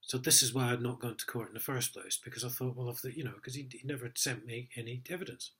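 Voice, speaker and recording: A man's voice: mid-range voice, fairly even intonation, fast talker, a bit bright. A middle-aged man, telling his own story in a sweary, aggrieved, rambling way, full of ums. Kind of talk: casual personal account.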